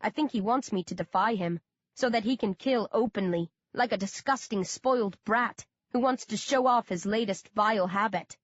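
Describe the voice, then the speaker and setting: A woman narrating an audiobook in the first person with a steady, measured reading. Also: mid-range voice, no echo, highs cut off.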